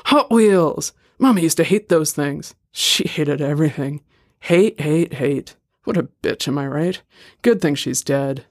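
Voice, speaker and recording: A man voicing a troubled, slurring older brother who rambles between soft and loud. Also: on the high side, animated, unhurried, dry recording, studio quality. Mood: rambling.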